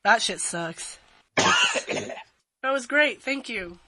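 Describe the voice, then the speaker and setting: High-pitched giggly woman, very slow. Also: wildly swooping pitch, bright, forceful tone. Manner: giggly, quick reactions. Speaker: podcast co-host. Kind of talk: casual chat.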